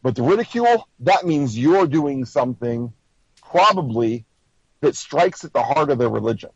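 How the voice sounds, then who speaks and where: An American man with a husky, mid-range, animated voice leads a casual group discussion at a moderate pace, explaining things emphatically and acting out quotes in mock voices. The recording is dry, slightly dull, and lo-fi, with no room sound.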